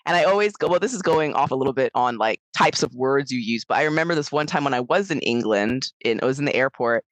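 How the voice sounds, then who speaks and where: An American woman chatting casually on a podcast, rambling and animated as she tells stories, with lots of fillers. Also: extremely low pitch, quick pace, no echo. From United States. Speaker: podcast co-host. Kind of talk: casual chat.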